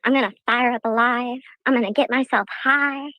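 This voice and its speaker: A woman streamer in a played clip with a raspy voice, retelling events in an indignant, sarcastic way. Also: on the high side, steady tone, normal speed, bright, forceful tone, dry recording, rough recording. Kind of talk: casual livestream talk.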